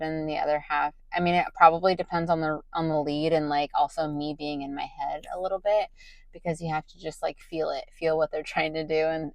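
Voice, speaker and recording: A woman's voice: on the low side, no echo, low-quality recording. Tired woman vlogging late at night. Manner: rambling, many ums and restarts. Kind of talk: casual late-night vlog talk.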